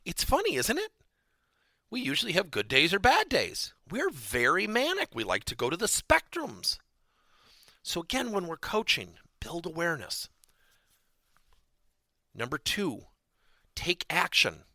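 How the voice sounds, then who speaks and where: A man's voice: fairly high pitch, no room sound, studio quality. A man hosting a podcast lesson on coaching, emphatic and acting out example conversations with employees. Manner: animated, emphatic, acts out example dialogues. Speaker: podcast host and coaching trainer.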